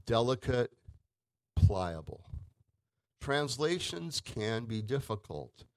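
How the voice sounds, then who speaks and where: A man preaching a sermon in a conversational way, with emphatic swings between loud and soft. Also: on the low side, no room sound, low-quality recording.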